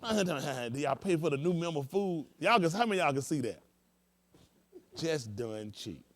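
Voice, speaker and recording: A man's voice: mid-range voice, darkish tone. A man, a pastor, roasting his church members from the pulpit in a joking, rambling way with folksy slang.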